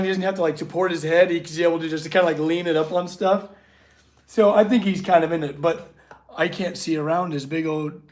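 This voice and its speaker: A man streaming from his metal workshop, chatting loosely with viewers and fussing over his dogs. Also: sits high. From California. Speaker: blacksmith streamer. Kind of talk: casual livestream chat.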